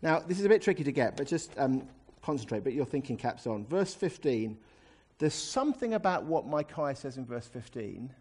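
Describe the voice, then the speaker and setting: A man preaching an expository sermon, conversational and animated, acting out scripture passages. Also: mid-range voice, slightly rough.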